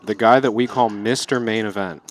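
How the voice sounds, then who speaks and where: A man's voice: lowish voice, steady tone, fairly quick, faint music behind. A man co-commentating live poker, dry and bantering while breaking down hands.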